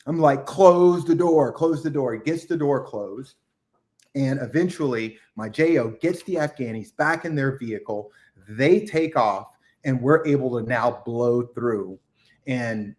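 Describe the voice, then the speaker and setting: A middle-aged man, a retired military chief, telling a combat story as a podcast guest, acting out the shouted orders. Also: mid-range voice, unhurried. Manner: animated war storytelling, acts out shouted quotes. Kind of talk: casual storytelling interview.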